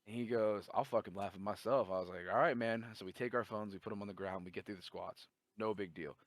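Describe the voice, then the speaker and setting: A man's voice: fairly low pitch, quick pace, dry recording. A man telling a long story in casual chat, swearing a lot and acting out the dialogue. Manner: profane, animated storytelling with quoted dialogue.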